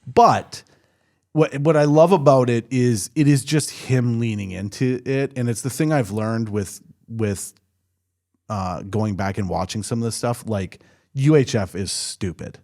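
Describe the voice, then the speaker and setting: A man co-hosting a podcast in casual chat, animated, cursing freely and often restarting his sentences. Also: medium pitch, a little slow. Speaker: podcast co-host.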